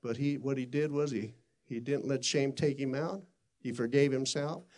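In a steady, slightly mellow mid-range voice at normal speed, a middle-aged man delivers a sermon built around storytelling. His manner is earnest and conversational, with many restarts.

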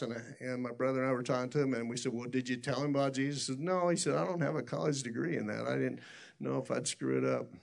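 A man's voice: mid-range voice, steady tone, fairly quick, vocal fry. A man preaching a sermon, telling stories in an earnest, rambling way with many restarts.

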